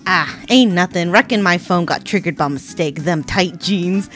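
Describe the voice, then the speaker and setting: A woman's voice: on the low side, normal speed, a bit bright, soft background music, close to an everyday voice. A woman voicing a swaggering Southern cowboy man who drawls in a folksy way and swaps his cuss words for tame ones. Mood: gruff blustering. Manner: folksy drawl, censored cussing.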